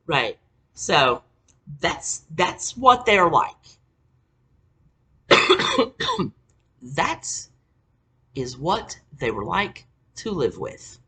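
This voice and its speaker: A woman's voice: fairly low pitch, wildly swooping pitch, very slow, long pauses, bright, forceful tone, slightly rough. A woman telling a family story to camera in an exasperated, sarcastic rant full of curse words. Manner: exasperated, heavily cursing, sarcastic.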